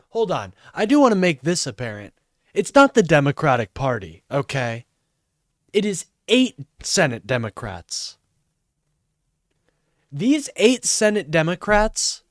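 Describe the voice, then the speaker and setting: A man's voice: fairly high pitch, no room sound, studio quality. A man live streaming commentary, ranting and swearing in exasperation.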